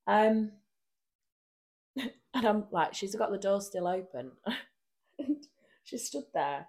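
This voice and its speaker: A woman co-hosts a chatty podcast. She tells her story in an animated way, slipping into acted quotes and laughing often. Her voice sits at an ordinary middle pitch. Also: slow pace, pauses often. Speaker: podcast co-host. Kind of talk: casual chat, storytelling.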